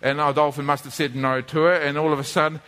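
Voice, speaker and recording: A man's voice: fairly high pitch, level tone, fast talker, sharp tone, clear, resonant tone. A man, preaching a conversational teaching sermon from a drawing board, often repeating and restarting his words. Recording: long reverb of a church hall.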